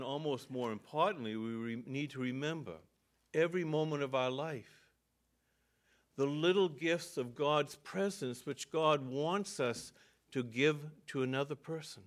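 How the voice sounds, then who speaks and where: An older man, a pastor, telling a personal story in an earnest sermon with halting restarts. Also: medium pitch.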